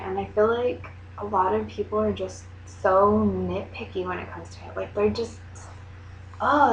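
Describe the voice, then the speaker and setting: A young woman chatting casually to her camera, rambling along with lots of "like" and quick asides. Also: medium pitch, a little hiss or hum. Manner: chatty, rambling, heavy use of "like". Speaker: vlogger. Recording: echoey room, dull lo-fi sound.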